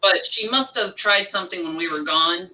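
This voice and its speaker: A woman in casual chat who coaxes and talks gently to a dog. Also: fairly low pitch, normal speed. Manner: coaxing, talking gently to a dog. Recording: off-mic, with background noise.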